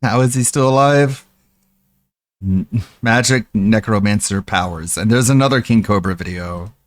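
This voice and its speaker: A man's voice: fairly low pitch, normal speed. A male streamer reacting to videos with wry, mocking asides. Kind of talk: live stream reaction commentary.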